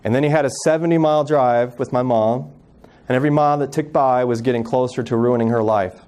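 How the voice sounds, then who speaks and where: A man in his thirties giving an earnest personal storytelling talk as a guest speaker, acting out family members' words softly. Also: medium pitch, fast, smooth. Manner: earnest, acts out quoted family voices softly.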